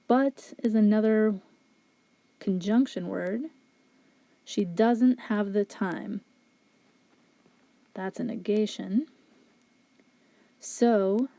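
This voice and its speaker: A woman's voice: medium pitch, dark tone, no echo. A woman teaching logic, methodically working through exam questions step by step and thinking aloud in a recorded lecture. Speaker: philosophy instructor.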